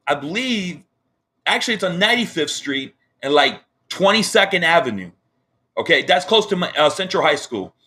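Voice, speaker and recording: A man with a high, bright voice hosts a live interview over a video call. He talks with heated passion, apologizing for getting emotional and circling back over his points. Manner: impassioned, upset, repeats himself. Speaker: online news show host.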